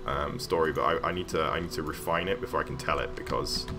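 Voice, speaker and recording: A man's voice: a bass voice, fairly even intonation, quick pace. A man streaming casually as he builds a game level, telling a rambling story full of ums and self-corrections. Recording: streamed voice over background music. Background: background music.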